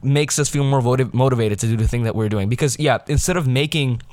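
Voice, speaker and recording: A man's voice: mid-range voice, fast talker, darkish tone, no room sound. A teenage boy hosting a rambling solo podcast from his bedroom, often losing his train of thought and correcting himself. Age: teens. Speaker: podcast host. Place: his room at home.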